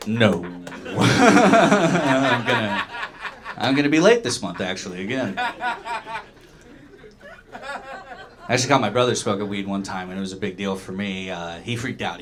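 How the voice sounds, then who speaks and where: A man's voice: on the low side, very animated, a little slow, long pauses, crowd noise. A young man from Oklahoma doing a loose, self-mocking stand-up comedy set in a small dive bar, acting out the voices of other people.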